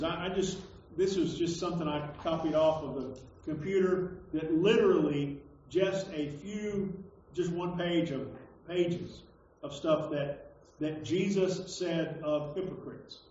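Pastor, male, high-pitched, chatty sermon delivery with stammered restarts, in a booming echoey room, faint hiss. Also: a little slow, darkish tone, distant mic. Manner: conversational, stammers and repeats words, emphatic. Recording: echoey hall, dull lo-fi sound.

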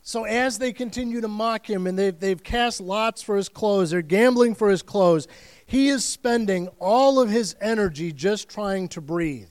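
Earnest high-voiced pastor. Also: male voice, measured pace. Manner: earnest, vivid storytelling with repeated phrases. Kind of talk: sermon.

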